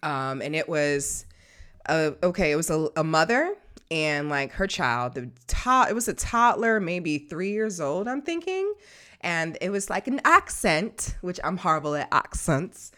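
A woman's voice: low voice, big pitch swings, a little slow, fairly bright tone. A woman in her thirties co-hosting a casual chat, talking bluntly and profanely with lots of animation. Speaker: podcast co-host.

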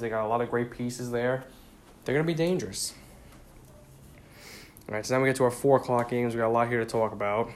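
A man's voice: medium pitch, darkish tone. A man casually giving football predictions in a conversational way, often repeating his points and saying "you know.". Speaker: sports commentator.

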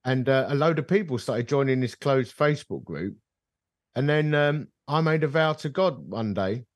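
A middle-aged podcast guest who works as a ministry leader relates a personal story in casual conversation, set in a bar, acting out the dialogue with lively animation. His mid-range voice keeps a moderate pace. Clean studio sound, dry recording.

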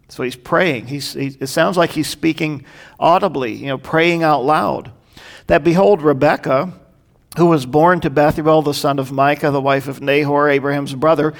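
A man's voice: a little high, gravelly. A man preaching a sermon, reading scripture aloud and explaining it in an earnest, conversational way, briefly acting out the people in the passage. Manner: earnest, explanatory, acts out quoted prayers. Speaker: pastor. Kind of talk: expository sermon.

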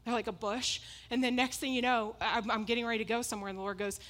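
A woman's voice: fairly high pitch, fairly even intonation, fast, a bit bright. A woman preaching a sermon, emphatic and repetitive, often breaking into laughs as she makes her points.

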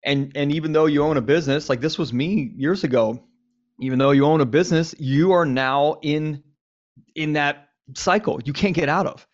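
A man's voice: fairly high pitch, moderate pace. Candid man, dull lo-fi audio. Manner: candid, swearing, animated with lists. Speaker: podcast host. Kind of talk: casual conversation on men's lives.

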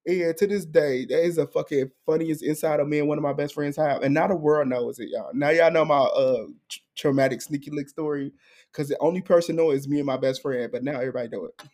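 A young man hosting a podcast, telling a story in an animated, profane way with frequent laughter. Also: a little high, fast talker. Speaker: podcast host. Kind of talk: casual chat storytelling.

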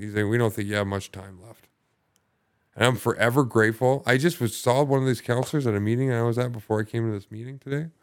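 A young man, a podcast guest, telling his recovery story in casual talk, rambling with many fillers and heavy swearing. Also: mid-range voice.

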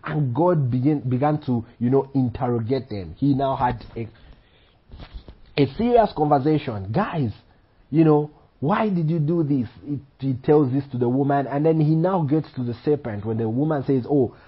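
A male preacher delivers a sermon in a husky voice. He leans on rhetorical questions and keeps checking in with his listeners. The recording sounds dull and lo-fi. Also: medium pitch, normal speed. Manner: rhetorical questions, frequent "Okay?" check-ins.

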